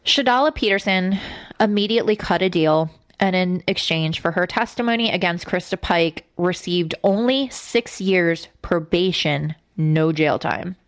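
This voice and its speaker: A woman's voice: lowish voice, measured pace, smooth. Blunt, profane woman co-hosting a podcast. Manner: blunt and profane, getting emotional. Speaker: podcast co-host. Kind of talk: casual true-crime podcast chat.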